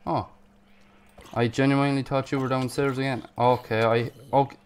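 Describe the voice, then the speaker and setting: A man giving casual gameplay commentary, panicking, swearing and yelling at enemies. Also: medium pitch, flat delivery, moderate pace, clean tone. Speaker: gaming YouTuber.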